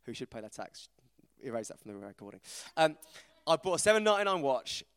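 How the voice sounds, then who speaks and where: A man, giving an informal, self-deprecating talk to a church group, animated as he tells stories. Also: medium pitch, fast talker, smooth. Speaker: preacher. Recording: reverberant hall.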